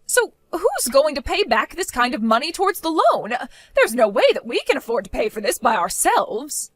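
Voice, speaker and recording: A woman voicing a bossy, controlling middle-aged mother-in-law in an animated story, talking in a demanding, scolding way. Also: high-pitched, normal speed. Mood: alarmed.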